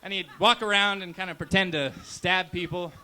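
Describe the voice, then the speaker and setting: A young man from Canada doing a brash, deadpan stand-up comedy set on a club stage into a handheld mic. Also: high-pitched, moderate pace, slight background noise.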